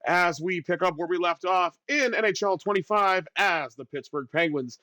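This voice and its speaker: A man hosting a video game channel, giving excitable play-by-play commentary that jumps up on big plays. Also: high-pitched, moderate pace, dry recording.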